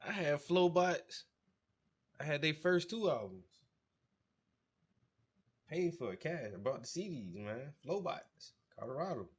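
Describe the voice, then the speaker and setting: A man from South Carolina, hosting a casual music reaction and hyping up an artist in slangy, excitable talk. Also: fairly high pitch, a little slow, pauses often, breathy edge.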